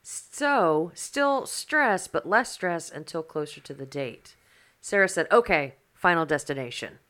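Lady co-host on a podcast, lowish voice that moves around a lot, dry teasing. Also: animated, a little slow, a bit bright. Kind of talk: casual podcast chat.

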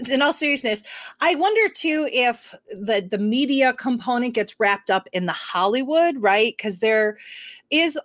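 A woman's voice: a little high, a bit bright. An American woman in a casual chat, chatty and jokey, with self-mocking asides. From United States.

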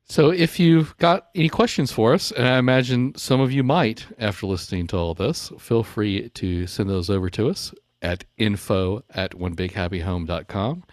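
A man co-hosting a podcast gives short, friendly replies and closes the episode in an easy, conversational way. His voice sits low, and the sound is dry and close to the mic. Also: moderate pace, few pauses, no room sound. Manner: brief backchannels, friendly wrap-up. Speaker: podcast co-host. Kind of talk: casual podcast chat and outro.

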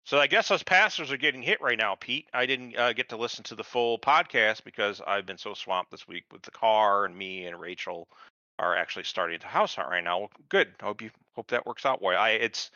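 Brief: sarcastic, foul-mouthed male podcast host, forceful bright tone, dull lo-fi recording. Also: lowish voice, animated, a little fast, dry recording. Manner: profane, ranting, sarcastic. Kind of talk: casual podcast chat.

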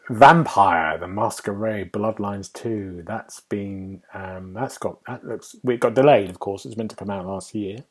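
A man with a low, husky voice chats casually on a games podcast. He muses out loud in a wry tone and lets his thoughts trail off. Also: unhurried, few pauses. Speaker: podcast host and game reviewer.

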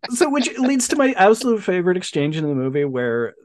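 A man hosting a podcast in casual chat, animated, laughing often and briefly mimicking voices. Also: high-pitched, a little fast, no room sound, studio quality. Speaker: podcast host.

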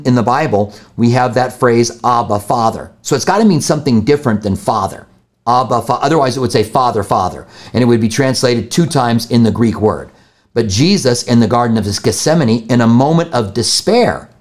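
Man, pastor, live Bible Q&A, casual, thinking aloud. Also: mid-range voice. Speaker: pastor answering viewer questions.

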